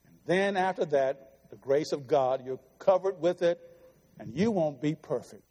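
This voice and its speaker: High-voiced preacher pleading in reverberant church. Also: male voice, animated, normal speed, warm tone. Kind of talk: sermon. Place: church sanctuary. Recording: long reverb of a church hall.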